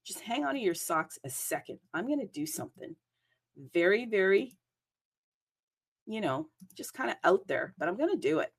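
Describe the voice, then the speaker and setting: A woman's voice: mid-range voice, sing-song, moderate pace, husky. Bubbly woman hosting a crypto stream. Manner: chatty, bubbly, rambling, with frequent fillers. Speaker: crypto livestream host. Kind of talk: casual solo livestream chat.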